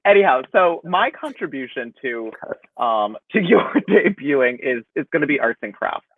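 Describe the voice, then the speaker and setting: A young man hosting a casual livestream, chatty and animated, laughing often as he talks over a video call. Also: a little high, moderate pace, breathy edge, no echo. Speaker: host. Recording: tinny phone-like dry call audio.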